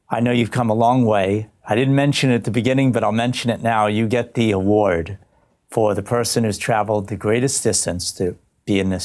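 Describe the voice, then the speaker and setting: A man's voice: fairly low pitch, darkish tone. Polite male host wrapping up. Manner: polite, scripted promotional delivery. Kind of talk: interview wrap-up and promo.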